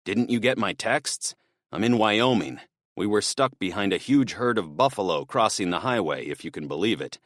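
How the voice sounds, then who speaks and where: A man reading an audiobook, voicing a calm, practical middle-aged father who gives his son firm, serious instructions. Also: lowish voice, moderate pace, no echo, clean studio sound. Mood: firm worried.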